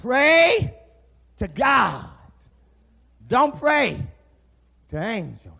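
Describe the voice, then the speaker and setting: Male preacher, gravelly tone, slow deliberate delivery breaking into shouts. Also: extremely high pitch, big pitch swings. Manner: preaching in rising shouts with drawn-out words. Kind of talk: sermon.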